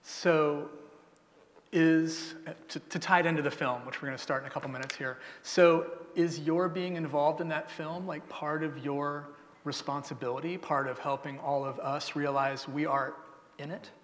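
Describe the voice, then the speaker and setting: A man with a somewhat raised pitch asks a question as moderator, stopping and restarting as he goes. A long hall reverb trails each phrase. He sounds like he is thinking aloud. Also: steady tone. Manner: halting, repeats words as he frames a question. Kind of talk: onstage conversation. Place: auditorium.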